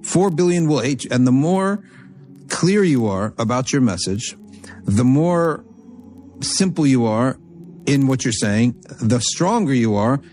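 A man giving a religious lecture, telling a story from Arabic texts and explaining it in English with animated, emphatic delivery. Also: medium pitch, a little slow, soft background music. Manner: emphatic, repeats phrases for stress. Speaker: Islamic teacher.

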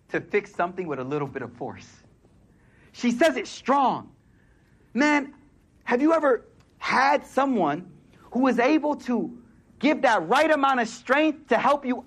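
A young male preacher with a high voice delivers an Islamic sermon. He talks in a loose, slangy way, drops in Arabic phrases, and hammers key words by repeating them. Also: expressive, a little slow, a bit bright, breathy edge. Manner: emphatic, repeats phrases for effect.

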